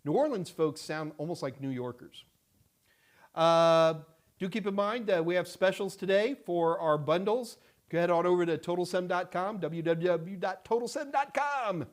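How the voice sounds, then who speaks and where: A middle-aged man with a somewhat high voice for a man hosts an easygoing live-stream Q&A from a studio, responding to viewers. He talks at a normal speed with lively intonation, drifting along with plenty of fillers and restarts.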